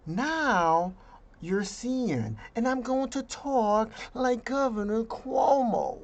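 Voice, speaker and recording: An indignant vlogger ranting about politics at a slow, deliberate pace. The delivery is emphatic and jumps between loud outbursts and quieter asides, and the speaker slips into mocking voices now and then. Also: mid-range voice, lively intonation. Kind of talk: political rant.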